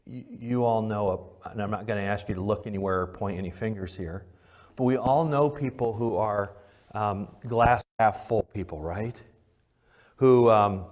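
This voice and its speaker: A pastor preaching a sermon at a church service, swinging between loud, emphatic lines and quiet, low ones, and putting direct questions to the congregation. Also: male voice.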